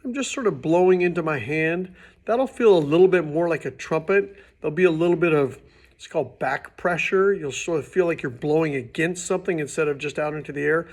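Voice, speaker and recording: A man teaching beginning trumpet, his voice sitting a little higher than most men's. He explains patiently and casually, now and then restarting a phrase as he demonstrates. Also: a little fast. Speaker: music teacher. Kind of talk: instructional demonstration.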